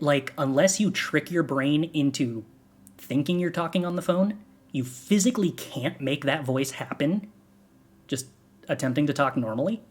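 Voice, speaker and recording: A man's voice: fairly high pitch, slightly rough. A man streaming, chatting casually into his microphone, wandering off and second-guessing himself with wry asides. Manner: rambling, self-questioning, wry. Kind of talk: casual stream chat between singing warm-ups.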